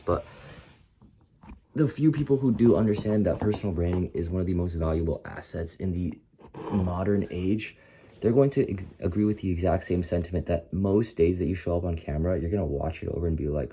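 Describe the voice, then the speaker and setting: A twenty-year-old male content creator with a deep, dark voice talks a little fast, with slight background noise. Groggy and tired, he rambles casually and profanely in a motivational vlog.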